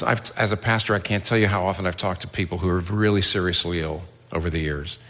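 A man's voice: low voice, fairly bright tone. A male pastor preaching an earnest sermon that builds to emphatic peaks. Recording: long hall reverb.

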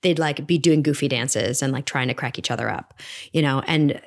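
A woman's voice: rumbling low, moderate pace, vocal fry. A woman in her forties, a stage performer, talking earnestly and animatedly through her doubts in an interview. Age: 40s. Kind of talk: reflective interview conversation.

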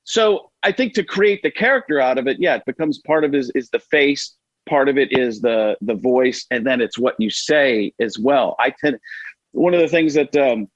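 A man's voice: medium pitch, moderate pace, no echo. A middle-aged man, a guest comedian, chatting animatedly and jokily on a video call. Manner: animated, jokey, slips into voices. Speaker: guest impressionist. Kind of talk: casual interview chat. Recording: dull lo-fi video call audio.

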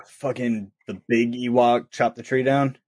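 A man's voice: mid-range voice, flat delivery, unhurried, darkish tone, dry recording. A man with a mid-range voice chimes in with short, crude quips on a casual podcast. His voice is recorded dry and close. He keeps his remarks brief. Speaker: podcast co-host. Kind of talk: casual movie-review chat.

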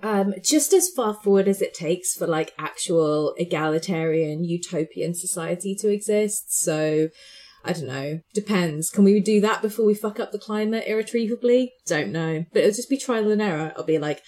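A woman's voice: lowish voice, moderate pace, mellow. A woman co-hosting a podcast, chatting casually and telling a story, with lots of fillers and frequent laughter. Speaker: podcast co-host.

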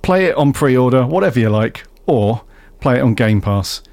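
A man hosting a casual podcast, relaxed and steering the talk along. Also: medium pitch, normal speed. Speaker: podcast host. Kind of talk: casual chat.

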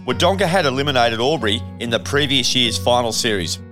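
A man with a mid-range voice narrates a sports history documentary. His read is steady and measured, moving evenly through names and margins. Faint guitar plays beneath. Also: medium pitch. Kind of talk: scripted narration.

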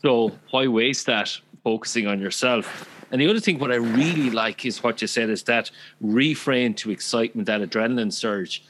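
A man's voice: mid-range voice, normal speed, a bit bright, slight background noise, low-quality recording. A man hosting an interview, asking questions and agreeing with his guest, often restarting his sentences. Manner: affirming, talks in restarts and fillers. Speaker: podcast host. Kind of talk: conversational interview.

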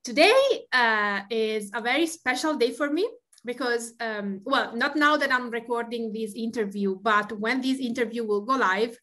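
A woman's voice: a little high, moderate pace, bright, forceful tone. A woman in her forties from Tuscany with an Italian accent, hosting a podcast and chatting with fillers. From Tuscany, Italy. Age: 40s. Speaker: podcast host. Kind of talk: podcast chat.

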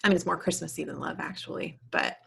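Lady podcast cohost, kinda low and gravelly, laughs a lot quoting movies. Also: fairly even intonation, fast. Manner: giggly, quotes movie lines. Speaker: podcast co-host. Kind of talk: casual chat.

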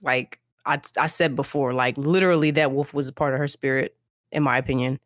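A low-voiced woman co-hosting a book podcast. She talks in a casual, emphatic way and repeats her points when she gets going. The mic sound is close and dry. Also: brisk, dry recording. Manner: animated, emphatic, repeats herself. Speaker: podcast co-host.

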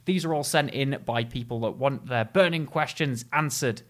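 A man's voice: mid-range voice, moderate pace. A young man co-hosting a podcast in casual chat, laughing often and acting out quotes. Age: young adult. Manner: giggly, tells stories with animated quoted voices. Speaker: podcast co-host.

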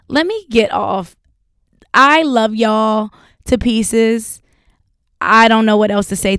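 A woman's voice: medium pitch, clean tone, no room sound, studio quality. Blunt, profane woman hosting a solo podcast. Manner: blunt, profane, laughing often. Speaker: podcast host.

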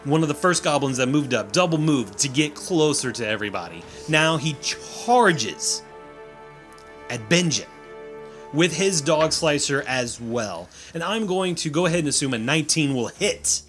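A man narrating a tabletop game as game master, animated and laughing often. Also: a little high, moderate pace, soft background music.

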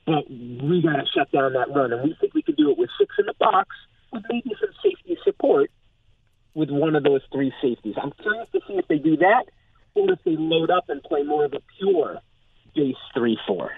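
Excitable male football reporter phoning in, gravelly and husky, tinny line. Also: fairly high pitch, moderate pace, no room sound. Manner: animated, filler-heavy, excited. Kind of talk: phone-in sports analysis. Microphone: phone.

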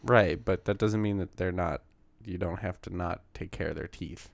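A man co-hosting a casual podcast chat, telling stories with animated laughter and casual swearing. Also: low-pitched, moderate pace, creaky, no echo.

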